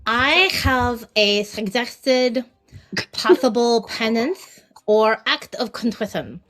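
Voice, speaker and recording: A woman on a casual stream panel, making measured, wry suggestions. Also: fairly high pitch, a bit bright, soft background music.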